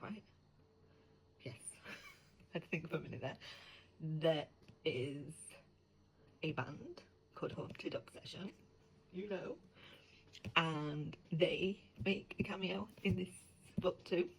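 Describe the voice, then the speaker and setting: A lower-voiced woman chatting casually as a book editor, animated and profane. She drops into breathy whispers when she gets worked up. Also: slow pace, long pauses, poor audio.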